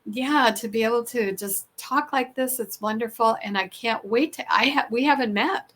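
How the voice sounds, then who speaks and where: A woman's voice: fairly high pitch, normal speed, fairly bright tone. A woman who is a nurse hosting a podcast, talking earnestly in a casual interview with frequent fillers and restarts.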